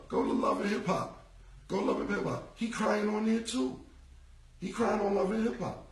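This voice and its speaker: A man's voice: on the high side, gravelly, a little mellow, echoey room, recorded from a distance, rough recording. A man in his forties in a casual livestream monologue, rambling and repeating himself in street slang. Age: 40s. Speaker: rapper. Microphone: phone.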